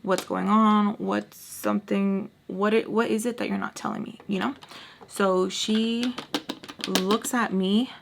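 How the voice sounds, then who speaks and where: A woman's voice: mid-range voice, a little slow, vocal fry, noisy background. A young woman tells a storytime to her viewers in loose, casual speech. She talks with plenty of "like" and "you know". She acts out what each person in the story said. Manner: animated, lots of fillers and quoted dialogue. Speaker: vlogger. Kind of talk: storytime vlog.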